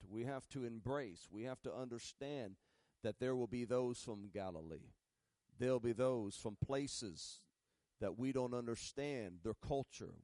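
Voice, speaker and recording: A man's voice: mid-range voice, a little mellow, no echo, clean studio sound. A male pastor preaching a sermon in a folksy way, building to emphatic, rising bursts and spelling out words. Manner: folksy, uses "ain't" and humor.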